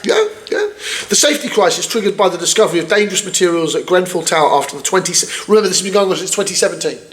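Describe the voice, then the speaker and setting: A British man co-hosting a podcast reads the news aloud and rants angrily about politics in a casual chat, swearing a lot. His voice sits high and is fairly bright, with lively intonation, and he talks at a racing pace.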